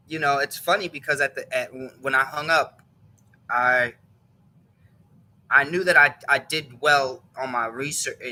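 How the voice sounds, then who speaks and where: Male host, very bright tense timbre, loose rambling storyteller who keeps correcting himself. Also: medium pitch, rough recording. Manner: rambling, self-correcting, chuckling retelling. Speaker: show host. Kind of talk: casual storytelling.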